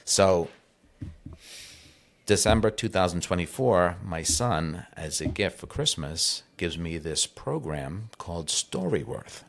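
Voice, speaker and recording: A man's voice: low voice, lively intonation, takes it slowly, vocal fry. A middle-aged man chatting in a casual interview conversation, with playful asides. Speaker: podcast conversation partner.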